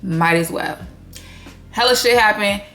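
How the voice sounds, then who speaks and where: A woman's voice: medium pitch, unhurried, fairly bright tone, soft background music. A woman hosting her own video channel, giving a casual, blunt and profane reality TV recap full of slang. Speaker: YouTube recap host.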